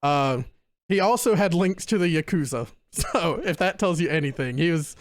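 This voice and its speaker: A young man hosts a relaxed podcast chat with a fairly high voice. He reads from his notes, breaking into laughs and fumbling unfamiliar names. The sound is dry, with no room around it. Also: moderate pace, dry recording. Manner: laughs often and stumbles over names while reading notes. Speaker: podcast host presenting a case.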